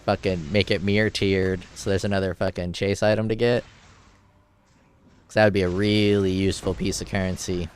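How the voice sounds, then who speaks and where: A slightly low-voiced man streaming a video game, chatting casually and swearing often. He gets excited over loot and reads the on-screen text aloud as he plays. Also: moderate pace, slight background noise. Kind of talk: casual gameplay commentary.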